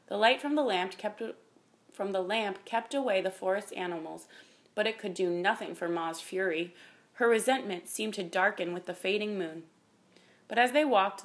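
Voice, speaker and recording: A woman reading a children's chapter book aloud in a calm, even manner. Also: mid-range voice, normal speed. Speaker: reader. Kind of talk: storybook reading.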